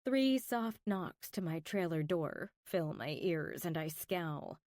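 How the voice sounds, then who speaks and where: A woman's voice: fairly low pitch, lively intonation, slow, hardly any pauses, darkish tone, no echo, studio quality. A woman reading a first-person romance audiobook, intimate and emotional, with whispered asides. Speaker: audiobook narrator.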